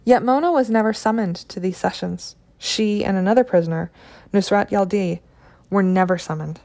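A woman reading a scripted documentary narration in a measured, sober way, including quoted testimony. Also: mid-range voice, gravelly, mellow.

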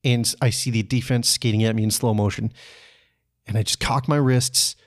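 A man from Canada telling a personal story on his podcast in a relaxed, conversational way, chuckling often and swearing casually. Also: medium pitch, normal speed. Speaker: podcast host.

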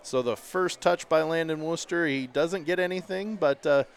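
Higher-voiced man calling high school football. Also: normal speed. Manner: conversational, rising excitement on big plays. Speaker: play-by-play announcer. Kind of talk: local radio football commentary. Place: outdoor stadium broadcast booth.

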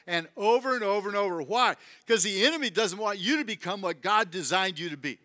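Speaking quickly with a high pitch and hardly any pauses, a visiting preacher gives an animated sermon over background noise. He repeats phrases for emphasis and calls on the congregation to respond.

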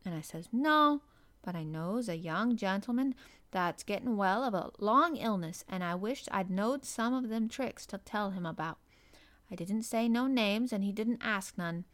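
A woman's voice: mid-range voice, animated, unhurried, a bit bright. Woman reader doing a Yorkshire farm boy, friendly, earnest, broad homely dialect, storybook.

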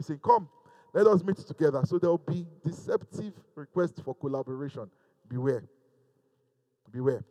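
A male pastor with a medium-pitched, mellow voice preaches a sermon on poor audio. He builds emphatic, rising repeated lines and jokes with his congregation.

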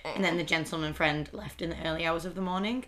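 A woman co-hosting a casual podcast, with a bright, forceful voice. She chimes in with dry, joking asides. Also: sits low, steady tone, fast talker, slight background noise. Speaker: podcast co-host. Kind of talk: casual chat.

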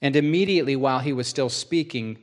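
A man preaching, reading scripture aloud as an expressive storyteller with casual asides. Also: medium pitch, fast talker. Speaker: pastor.

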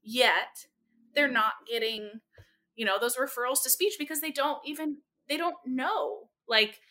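Young woman speech therapist on a podcast, bright voice, super expressive, kinda high. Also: measured pace. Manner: animated, expressive, jumps into quoted voices. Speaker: speech-language pathologist guest. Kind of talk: lively storytelling in a podcast interview.

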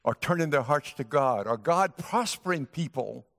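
A man's voice: a little high, expressive, moderate pace, creaky, a bit bright. A male guest pastor preaching a sermon, telling a story and voicing the characters' lines. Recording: long hall reverb.

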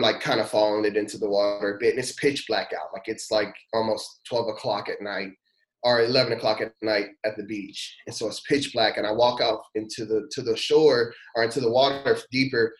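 Earnest pastor telling his story, roomy echo. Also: mid-range voice. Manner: earnest, heartfelt, casual slang and fillers. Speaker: pastor, podcast guest. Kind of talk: personal storytelling testimony.

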